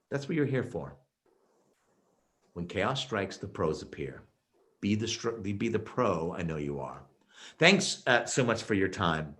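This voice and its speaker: Delivering a virtual keynote online, this man has a fairly low voice with a fairly bright tone. His storytelling is energetic and emphatic, punctuated by frequent fillers and restarts.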